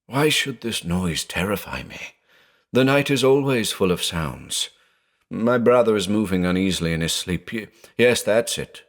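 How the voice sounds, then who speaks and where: A man's voice: on the low side, animated, normal speed. A man voicing a terrified old blind man who reasons anxiously, then breaks into frantic shrieks. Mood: fearful. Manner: fearful, rising to frantic shrieks.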